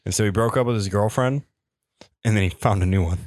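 A man's voice: fairly low pitch, darkish tone, dry recording, clean studio sound. A man co-hosting a podcast, telling laid-back anecdotes to friends with lots of ums and uhs. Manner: laid-back anecdote teller, drawn-out fillers. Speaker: podcast co-host. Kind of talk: casual banter among friends.

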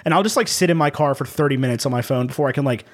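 A man co-hosting a casual podcast chat, telling animated stories and acting out the people in them. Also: medium pitch, rapid-fire. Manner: animated storyteller, acts out quoted people. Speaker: podcast co-host.

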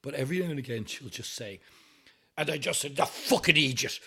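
Middle-aged Dublin Irish man, husky, mid-pitched, loose and profane podcast guest. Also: fast talker. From Ireland. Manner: swears freely, laughs often, animated storytelling. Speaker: podcast guest, rock singer. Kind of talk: casual chat.

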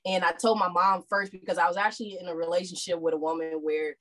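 Guest: woman with a lower voice, easygoing and steady as she tells her story. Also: fast talker. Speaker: podcast guest. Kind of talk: casual storytelling.

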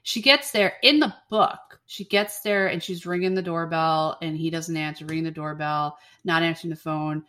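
A woman's voice: low voice, moderate pace, few pauses, a bit bright. A woman co-hosting a podcast, chatting casually and animatedly retelling a book and movie plot, acting out quotes and swearing freely. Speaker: podcast co-host.

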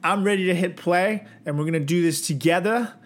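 A man in his thirties co-hosting a podcast in casual, crude, joking chat, now and then dropping into a low put-on voice. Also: fairly quick. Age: 30s. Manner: goofy, crude, drops into a low joke voice. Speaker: podcast co-host.

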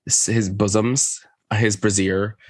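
Sassy podcast guy, low husky voice, dry close mic, crude jokes. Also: level tone, no room sound. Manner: quick, sassy and crude, with frequent laughs. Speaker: podcast co-host. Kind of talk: casual chat recapping reality TV.

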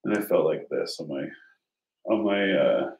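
A man's voice: sits low, measured pace, creaky, darkish tone. A man casually telling a rambling story, swearing often and filling with "like". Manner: rambling, heavy swearing, lots of fillers. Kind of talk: casual chat. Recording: roomy echo.

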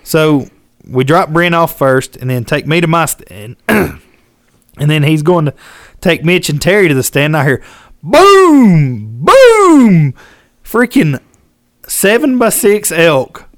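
Man spinning a lively yarn. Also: fairly high pitch, a little slow, dry recording, clean studio sound. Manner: animated, drawling storyteller who acts out quotes and laughs. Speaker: podcast co-host. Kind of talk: casual storytelling chat.

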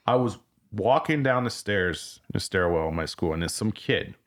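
A man's voice: fairly low pitch, lively intonation, normal speed. A man being interviewed on a podcast. He tells a candid, profane story, rambling and restarting his sentences. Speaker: podcast guest.

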